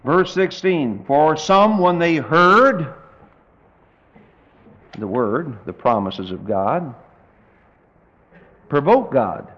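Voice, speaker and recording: A man preaching a verse-by-verse Bible study with dry, folksy humor, reading scripture slowly. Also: fairly high pitch, big pitch swings, a bit bright. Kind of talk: verse-by-verse Bible teaching sermon. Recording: dull lo-fi tape recording.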